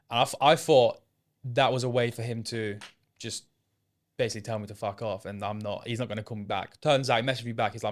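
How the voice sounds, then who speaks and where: A man's voice: mid-range voice, steady tone, fast talker. A young man from England, a former apprentice, answering interview questions casually and hesitantly, often trailing off and restarting. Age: young adult. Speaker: interview guest, sales setter.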